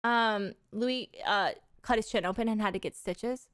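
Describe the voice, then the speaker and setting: A young adult woman livestreaming, chatting casually with viewers in animated stories full of swearing and laughter. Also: mid-range voice, normal speed, no echo, studio quality.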